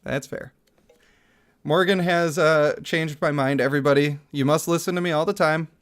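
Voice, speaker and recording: A man's voice: on the high side, fairly even intonation, normal speed, a bit bright. A man in his thirties chatting casually on a livestream, reading out chat messages and laughing often. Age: 30s.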